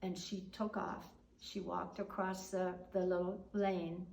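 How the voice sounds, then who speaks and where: Older woman, oral history teller, conversational with quiet trailing ends; roomy echoey recording. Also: on the low side, level tone, measured pace, creaky. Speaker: storyteller. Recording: roomy echo.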